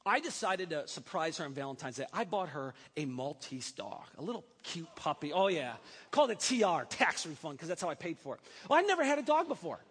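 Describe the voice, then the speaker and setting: A male pastor preaching a sermon in a church, animated and breaking in with joking asides. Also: a little high, fairly quick, breathy edge. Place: church sanctuary. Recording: long hall reverb.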